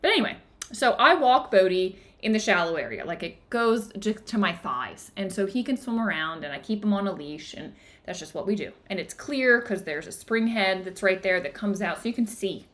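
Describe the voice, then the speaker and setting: Bright-voiced woman telling a story. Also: mid-range voice, normal speed. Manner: animated, dramatic retelling with acted-out quotes. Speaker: book club host. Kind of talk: casual storytelling on a livestream. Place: home in the woods. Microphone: streaming device, live video.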